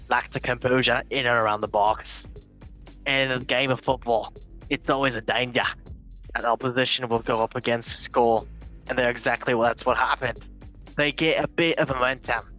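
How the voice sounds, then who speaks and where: A man's voice: mid-range voice, sharp tone, lightly acted. A man putting on a weak Australian accent to play a middle-aged football manager giving a mock-serious post-match press talk. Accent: put-on Australian.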